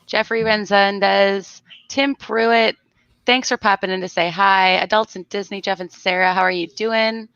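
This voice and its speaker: A woman's voice: mid-range voice, steady tone, moderate pace, fairly bright tone, smooth, dry recording, highs cut off. A woman from South Florida hosting a casual livestream and greeting her viewers by name. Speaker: livestream host.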